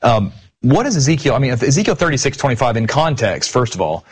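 A man's voice: medium pitch, very animated, fast talker, a little hiss or hum. A man hosting a casual discussion of scripture, retelling past exchanges in a conversational way. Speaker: podcast host.

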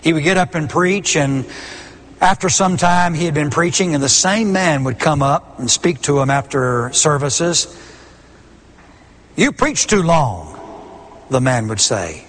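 A man's voice: fairly high pitch, moderate pace, a bit bright. A middle-aged man preaching a sermon, stressing his points by repeating key words. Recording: long hall reverb.

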